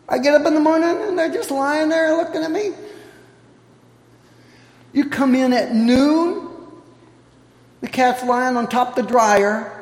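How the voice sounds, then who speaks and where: A man telling a playful story to a group of children, calling out questions to them in an animated way. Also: very high-pitched. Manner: animated, playful, calls out to kids. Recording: echoey hall with long reverb.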